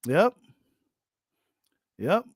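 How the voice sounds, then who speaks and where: A man hosting a boxing channel, giving casual, animated reaction commentary full of slang and repeated phrases. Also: extremely slow, no echo, studio quality.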